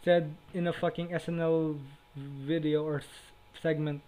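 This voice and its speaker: A man's voice: fairly high pitch, flat delivery, moderate pace, dark tone, slight background noise, poor audio. A young man co-hosting a podcast, swearing constantly, joking crudely and laughing at himself. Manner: profane, joking, self-deprecating, laughs often. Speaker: podcast co-host. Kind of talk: casual crude chat. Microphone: remote call, cutting in and out.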